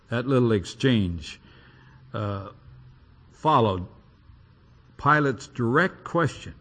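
This preacher takes it slowly, leaving long pauses, his mid-range voice carrying a breathy edge. He reads and unpacks scripture with emphatic, dramatic flair, giving the quotations real energy.

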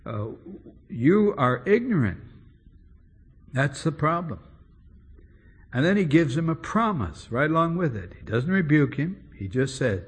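Brief: male preacher, husky and unhurried, emphatic, asks rhetorical questions. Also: a little high, very animated. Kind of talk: expository sermon.

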